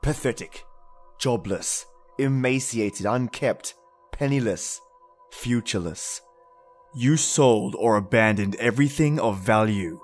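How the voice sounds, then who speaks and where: A man voicing a cold, disappointed middle-aged father who berates his son in a dark story reading. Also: medium pitch, measured pace, soft background music, close to an everyday voice. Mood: contemptuous. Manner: cold, cutting, listing insults.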